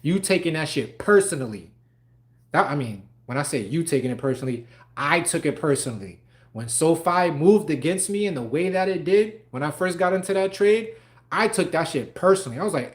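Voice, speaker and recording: A man's voice: fairly high pitch, expressive, normal speed. A young man on a livestream talking casually and animatedly, swearing freely and laughing often. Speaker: live stream host.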